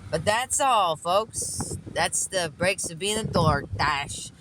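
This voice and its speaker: A woman's voice: lowish voice, takes it slowly. Lady ranting bout a weird customer, cussing lots, noisy car mic, traffic behind. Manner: profane, animated, laughing storyteller. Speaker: delivery driver and vlogger. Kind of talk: casual storytelling.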